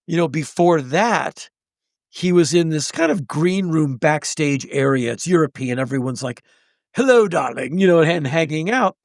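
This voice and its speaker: Gravelly, high-voiced man in his sixties telling stories. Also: normal speed, no echo, studio quality. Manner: animated storyteller who acts out the people in his stories. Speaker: podcast guest. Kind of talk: storytelling in conversation.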